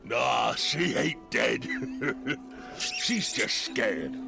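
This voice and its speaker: A man voicing a rough backwoods eccentric with a lazy, chuckling, gravelly drawl. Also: medium pitch, lively intonation, very slow, exaggerated voice. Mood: fond. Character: rough backwoods eccentric doting on a pet possum. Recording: demo reel with music bed.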